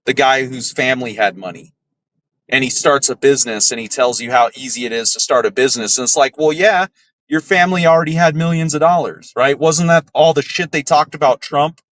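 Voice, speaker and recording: A man's voice: medium pitch, brisk, a bit bright, dry recording. A man hosting a podcast, ranting heatedly and swearing often, tagging his points with "right?". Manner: heated, swears a lot, keeps asking "right?". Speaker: podcast host. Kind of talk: casual profane rant.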